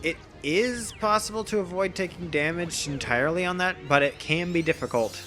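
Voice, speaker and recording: A man's voice: high-pitched, moderate pace, a bit bright. A man giving casual, rambling, self-deprecating let's play commentary over a video game. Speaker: gameplay commentator.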